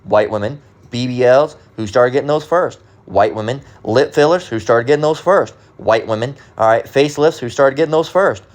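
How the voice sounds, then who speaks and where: A man's voice: mid-range voice, moderate pace, hardly any pauses. A man giving a religious rant monologue, emphatic, repetitive and profane. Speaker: commentator.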